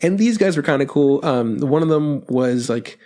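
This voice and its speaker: A man's voice: medium pitch, lively intonation, moderate pace, warm tone. Casual swearing male podcast co-host. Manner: swears a lot, acts out characters in mocking voices.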